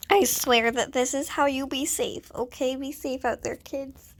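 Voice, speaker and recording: A woman's voice: sits high, fairly even intonation, unhurried, noisy background. A young woman giving casual, playful commentary while playing a video game, chatting and muttering to herself. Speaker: gamer.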